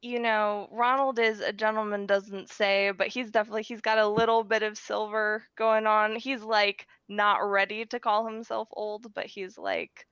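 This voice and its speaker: A woman playing a tabletop game who describes her character slowly, searching for words with many fillers. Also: mid-range voice, level tone, a bit bright, clean tone, dry recording, muffled recording. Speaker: player.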